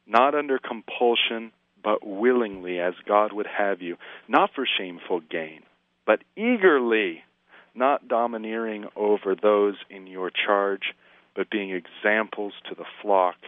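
A man talking earnestly through scripture in conversation, slowing down when he quotes it. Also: lowish voice, lively intonation, no room sound. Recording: dry tinny phone-like audio.

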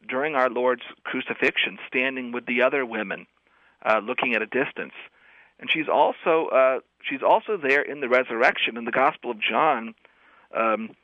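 A man's voice: mid-range voice, no room sound. A male guest scholar on a radio call-in show, talking thoughtfully with frequent restarts and fillers. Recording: tinny phone line, dry.

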